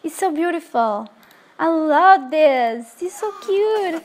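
A young woman of Korean native tongue, hosting a life-sim let's play with excitable, gushing commentary full of fillers. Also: sits high, takes it slowly, slight background noise. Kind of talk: casual gameplay commentary.

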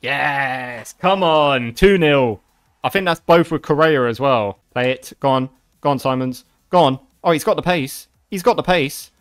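Young guy, clear smooth voice, swings from calm play-by-play to loud swearing outbursts. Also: medium pitch, moderate pace, soft background music. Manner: excitable, swears often, shouts at big moments. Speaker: gaming video creator. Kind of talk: live gameplay commentary.

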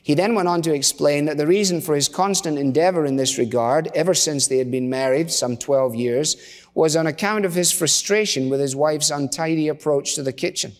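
A man's voice: fairly high pitch, fairly quick. Conversational male preacher in reverberant church. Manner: conversational storytelling with asides and fillers. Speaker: pastor. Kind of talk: sermon.

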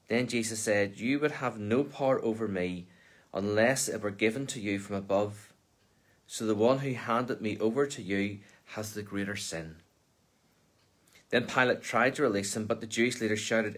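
A minister reads a Bible passage aloud for Lent, then explains it in plain, conversational talk. His voice is fairly low and a bit bright, at normal speed.

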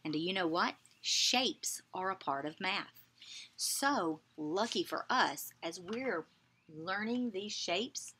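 A woman teaching young children, slowly saying words for them to repeat and praising them with encouragement. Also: mid-range voice, animated, pushed and bright, slightly rough. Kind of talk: children's lesson, call and response.

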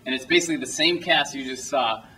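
Bright-voiced man rambling at a film Q&A. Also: mid-range voice, fast talker, recorded from a distance, a little hiss or hum, rough recording. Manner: rambling, self-interrupting, laughs often. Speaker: filmmaker at a screening Q&A. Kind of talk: casual anecdotal Q&A answers. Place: cinema auditorium, small audience.

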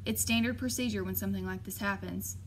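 A woman's voice: medium pitch, steady tone, fast talker, a little hiss or hum, lightly acted. A woman voicing a worried father in an audiobook, speaking firmly and reasonably. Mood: grave. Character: worried father, calm and practical.

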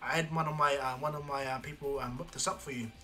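A man voicing an eager, cheerful young male fighter in a casual fan story retelling, sounding excited and upbeat. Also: medium pitch, fast talker, faint music behind, natural voice.

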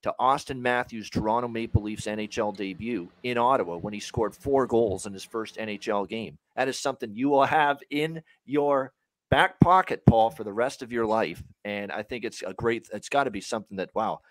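A man hosting a sports podcast, talking in an emphatic, opinionated way that swings loud and soft. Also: on the low side, moderate pace, no room sound. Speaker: podcast host. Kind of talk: casual sports podcast chat.

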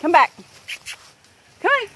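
A woman's voice: takes it slowly, heavy background noise. An older woman chatting casually outdoors by a creek and calling out to her dog, recorded on a handheld camera. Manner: chatty, laughs often, calls out to her dog. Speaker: vlog host, dog owner. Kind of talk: casual outdoor vlog chat.

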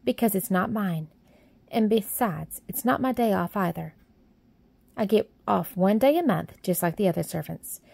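A woman's voice: medium pitch, expressive, moderate pace, gravelly, darkish tone, slightly rough, no echo. Woman doing a chatty young Yorkshire maid. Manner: friendly, plain-spoken, chatty. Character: cheerful plump young Yorkshire housemaid girl.

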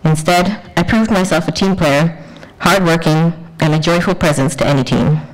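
A woman curator presenting a conference paper in a measured, poetic way, with deliberate pauses. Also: lowish voice, poor audio. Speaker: curator and researcher.

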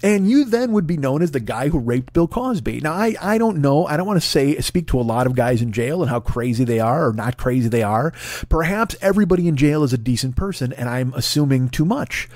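In a solo comedic podcast monologue, a man in his forties rants and swears freely, riffing with chuckles and restarted sentences. His mid-range voice is expressive, brisk and a little mellow. The recording is dry and studio quality.

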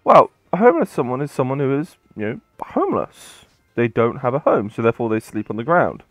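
A man's voice: mid-range voice, big pitch swings, a little fast, no echo, muffled recording, faint music behind, lightly acted. A man voicing a male royal guard who gives rambling, roundabout explanations. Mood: explaining.

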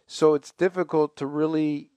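A man's voice: fairly high pitch, little pitch movement, normal speed, mellow, no echo. A man hosting a finance radio show, talking casually and conversationally with fillers and asides.

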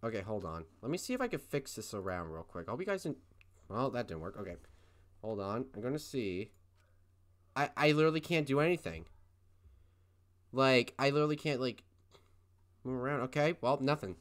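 A young man with a very lively, bouncing delivery, cracking crude jokes as he plays and reads through a video game. His pitch sits mid-range for a man, and his commentary swings quickly between excitement and deadpan asides. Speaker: gaming host. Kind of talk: let's play commentary.

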